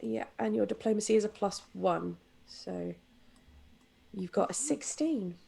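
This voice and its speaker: A woman's voice: medium pitch, lively intonation, unhurried, creaky, dark tone. A woman narrating as game master of a tabletop game, playful and giggly.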